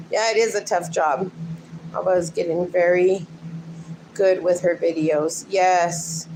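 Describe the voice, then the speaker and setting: Chatty woman livestreaming at home, noisy. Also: medium pitch. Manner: chatty, reads out and answers viewer comments; speaks fondly to her sleeping dogs. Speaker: livestream host. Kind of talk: casual livestream chat. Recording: noticeable background noise.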